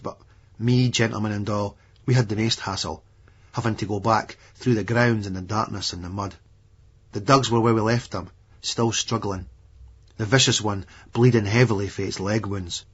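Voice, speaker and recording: Speaking with an Edinburgh Scottish accent, a man with a lowish, husky voice narrates a gritty audiobook in a blunt, foul-mouthed first-person style. The remastered recording sounds dull and lo-fi.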